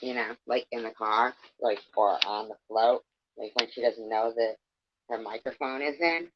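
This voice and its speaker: A woman's voice: a bass voice, moderate pace, noisy background. A woman hosting her channel, reading a book aloud and breaking off into rambling, profane asides. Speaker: channel host. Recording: dull lo-fi dry sound.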